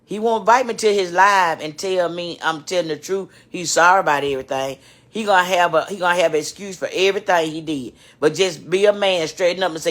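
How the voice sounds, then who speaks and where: Speaking fast in a lowish voice, a woman vlogger rants tearfully on a live stream to her channel's viewers. She's emotional and preachy, repeating herself as she talks straight to them.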